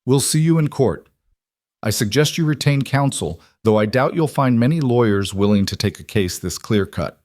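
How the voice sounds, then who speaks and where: A man's voice: medium pitch, animated, moderate pace, a little mellow, no echo, clean studio sound, pitched above the performer's own voice, close to an everyday voice. A man voicing a blunt, smug lawyer who speaks with mock politeness. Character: smug male lawyer, cold and mocking.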